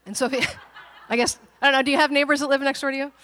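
A woman pastor in her thirties telling a family story during a sermon, animated and dramatic, with playful asides. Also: high-pitched, fast, in a large hall.

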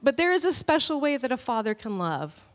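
A woman pastor preaching a sermon with animated, storytelling delivery. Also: high voice, fairly quick. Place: church hall. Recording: long church hall reverb.

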